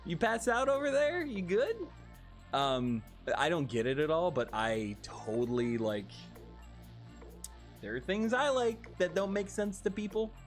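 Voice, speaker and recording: A man's voice: sits high, unhurried, faint music behind. A man streaming, chatting casually, laughing often and cursing freely. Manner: animated, laughs often, swears. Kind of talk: casual livestream chat.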